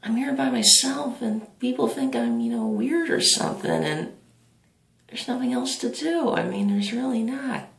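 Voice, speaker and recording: A man voicing a whiny, awkward, lonely teenage boy who talks haltingly and repeats himself. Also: very high voice, very animated, gravelly, fairly bright tone, echoey room, pitched above the performer's own voice, heavily acted.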